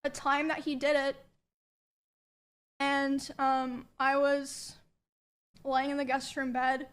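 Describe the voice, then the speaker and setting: High, even-toned young woman recounting. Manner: soft, hesitant, many pauses and ums. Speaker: streamer telling her story. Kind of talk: personal confessional narration.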